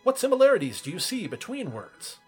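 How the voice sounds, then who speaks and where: A man co-hosting a casual comedy podcast, profane and animated, reading text aloud in between jokes. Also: sits high, fairly quick, husky, faint music behind. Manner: profane, animated, swears often.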